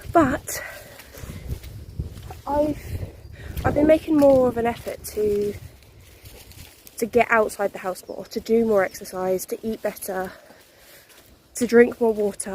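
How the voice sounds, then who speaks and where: A woman's voice: a little high, warm tone, a little hiss or hum. A young woman chatting casually to her phone while walking her dog through a muddy forest, a little out of breath and laughing often. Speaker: vlogger.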